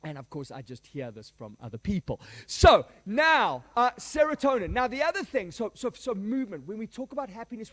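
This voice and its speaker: A man giving a live workshop talk to a standing audience, energetic and joking, calling them folks. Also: high voice. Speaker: workshop speaker. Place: conference room before a live audience.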